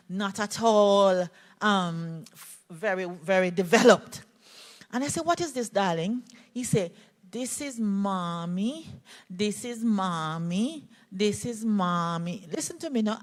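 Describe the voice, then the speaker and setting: Jamaican woman telling a conference story. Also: medium pitch. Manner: animated storytelling, voices quoted speakers. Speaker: conference speaker, play therapist. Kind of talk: conference talk, personal story. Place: conference hall.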